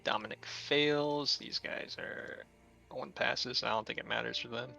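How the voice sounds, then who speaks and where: A man narrating a tabletop game as game master, describing scenes in a relaxed way with filler words. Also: mid-range voice, unhurried, creaky, muffled recording, soft background music.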